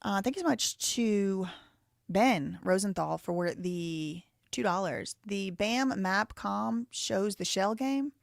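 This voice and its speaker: A woman's voice: medium pitch, takes it slowly, vocal fry, no echo. Southern American woman, live-stream host, casual chatter, dry close sound. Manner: chatty, thinks aloud, reads viewer messages. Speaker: live show host reading donations.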